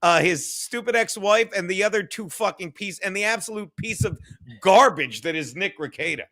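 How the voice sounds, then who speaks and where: A man's voice: high-pitched, expressive, normal speed, sharp tone. A man hosting a casual livestream chat, loose and profane, reading viewer comments aloud. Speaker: livestream podcast host.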